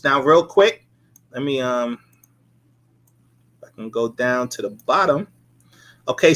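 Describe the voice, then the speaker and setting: A man's voice: fairly high pitch, fairly bright tone. A man giving a casual live-streamed lecture, rambling and repeating himself as he sounds out syllables.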